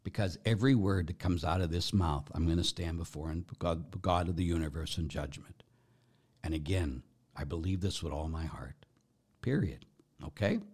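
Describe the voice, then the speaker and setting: A man, a Catholic priest hosting a podcast, talks bluntly and with passion, moving from loud emphatic lines to near-whispers. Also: low voice, normal speed, husky. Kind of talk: podcast monologue answering questions.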